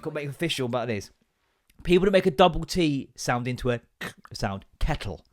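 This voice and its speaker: A man's voice: a little high, fast, no room sound, studio quality, faint music behind. Sweary exasperated man ranting. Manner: sweary, exasperated, animated with put-on voices. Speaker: podcast host. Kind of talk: comic rant.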